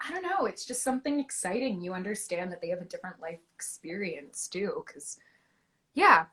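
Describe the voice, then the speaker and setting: Young Canadian woman, actress guest, lowish husky voice, bright, very lively pitch, playful. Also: moderate pace. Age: young adult. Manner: playful, expressive, plays with voices. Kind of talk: casual chat.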